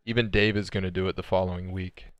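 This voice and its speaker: A man's voice: low-pitched, flat delivery, fast, clear, resonant tone, no echo. A man, commentating an online sim race and bantering playfully with co-hosts.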